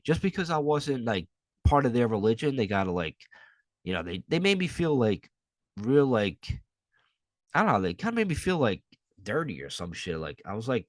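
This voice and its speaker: A man's voice: medium pitch, sing-song, fairly quick, no room sound. A young adult man hosting a podcast solo, telling a rambling, profane story in a casual way. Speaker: podcast host.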